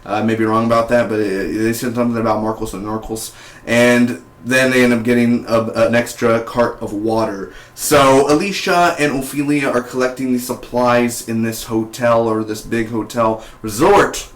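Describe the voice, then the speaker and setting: A man's voice: mid-range voice, steady tone, moderate pace, echoey room. A young man casually reviewing a TV episode, chatty and rambling with side comments. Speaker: TV show reviewer.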